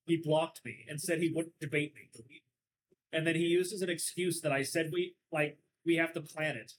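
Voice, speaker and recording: This podcast host has a slightly high voice with a Southern Californian accent, moderate pace, and fairly even intonation, captured on a low-quality recording. In casual chat, he talks a lot, spinning long, rambling stories with a sardonic edge.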